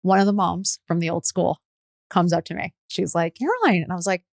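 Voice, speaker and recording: A woman's voice: fairly low pitch, a little fast, gravelly, no room sound. Middle-aged lady on a podcast telling stories, swears a lot, super candid, dry studio sound. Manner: candid, profane, animated storytelling. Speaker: podcast guest, influencer. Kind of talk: casual chat.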